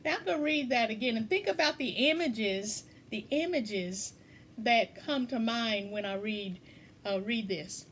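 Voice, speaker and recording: A woman's voice: a little high, a little slow, a bit bright. Woman poetry teacher, repeats key words, many fillers, faint hiss behind. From eastern Kentucky. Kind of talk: teaching lesson on video.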